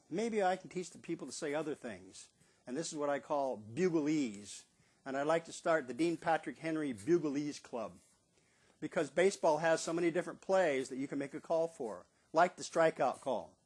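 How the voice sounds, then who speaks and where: An older man in his seventies with a slightly high-pitched voice spins casual, animated stories. He jumps into the voices of the people he quotes and reminisces freely. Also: normal speed, slightly rough. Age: 70s. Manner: animated storyteller who acts out quotes in a raised voice. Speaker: stadium bugler. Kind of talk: casual storytelling monologue.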